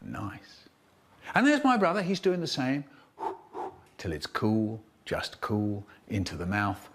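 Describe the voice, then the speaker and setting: Animated playful man telling comic stories. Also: fairly low pitch, measured pace. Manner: animated, playful, with sound effects and character voices. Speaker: storyteller. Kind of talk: comic storytelling performance.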